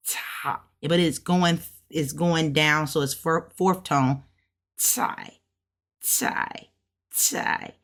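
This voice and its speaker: A woman teaching herself Mandarin in a casual lesson. She sounds out syllables and repeats each one several times, thinking aloud when she is unsure. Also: low voice. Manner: thinks aloud, unsure of her own pronunciation. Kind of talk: casual self-study lesson.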